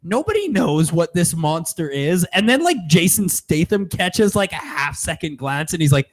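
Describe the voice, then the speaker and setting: A man's voice: fairly high pitch, very animated, normal speed. A man co-hosting a casual movie podcast, laughing often and swearing casually as he breaks down a film. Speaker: podcast co-host. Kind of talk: casual movie review chat.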